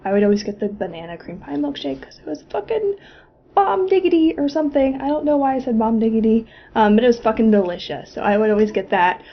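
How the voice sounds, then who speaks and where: A woman's voice: on the high side, animated, fast talker, highs cut off. A young woman from Florida telling a personal story in a casual, chatty way, swearing often and laughing as she goes. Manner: chatty, profane, laughing asides. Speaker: vlogger.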